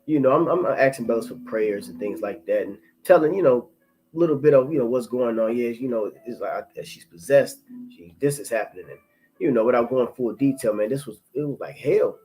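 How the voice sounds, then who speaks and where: A man giving an informal spoken testimony, profane and rambling, repeating words and restarting, reading scripture aloud more slowly. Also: mid-range voice, expressive, a little mellow, poor audio.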